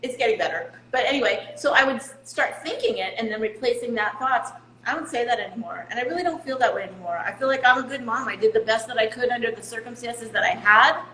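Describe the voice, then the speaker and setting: A woman's voice: on the high side, quick pace, sharp tone, reverberant, slight background noise, poor audio. A middle-aged woman talking candidly as an interview guest, laughing at herself now and then. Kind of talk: casual interview talk.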